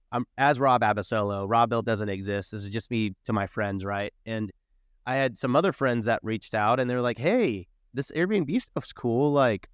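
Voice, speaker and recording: A man in his thirties, a podcast guest telling stories in a casual, animated way and acting out quoted dialogue. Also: medium pitch, no room sound, studio quality. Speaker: podcast guest, real estate investor. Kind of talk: casual storytelling interview.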